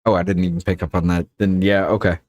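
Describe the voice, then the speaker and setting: A man's voice: low voice, level tone, fast talker, darkish tone, highs cut off. A man co-hosting a podcast over a voice call, talking casually and bluntly with frequent swearing. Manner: blunt and profane. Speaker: podcast co-host.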